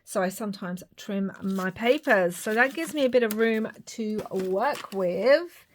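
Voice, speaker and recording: A woman talks through her crafting in a relaxed, slow way, musing aloud and sometimes dropping to a near-whisper. Her voice sits in an ordinary middle range. Faint noise lies under the recording. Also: medium pitch. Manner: chatty, thinking aloud, drops to whispers. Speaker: craft video maker. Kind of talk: casual crafting commentary.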